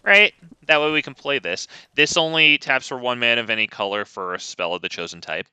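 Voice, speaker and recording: A man's voice: medium pitch, fairly quick, bright, forceful tone, clear, resonant tone. A young man giving casual, wry gameplay commentary with lots of ums, close to a desk mic.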